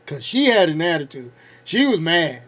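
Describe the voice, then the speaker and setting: With a fairly high voice at a normal speed, this man in his fifties hosts his own casual vlog. He's animated and blunt, ranting in slang and laughing frequently.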